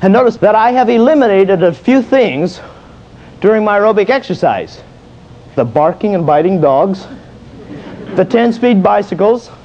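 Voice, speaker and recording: A man with a high voice gives a folksy, jokey exercise lecture. He asks questions and answers them himself. The sound is dull and lo-fi, like an old video tape. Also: animated, moderate pace, long pauses, a little mellow. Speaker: fitness instructor.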